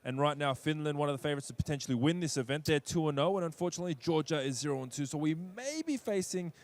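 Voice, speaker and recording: A man's voice: on the high side, animated, fast, dry recording. A man casting live esports, chatty and teasing, setting up context for viewers. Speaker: esports play-by-play caster. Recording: faint music behind.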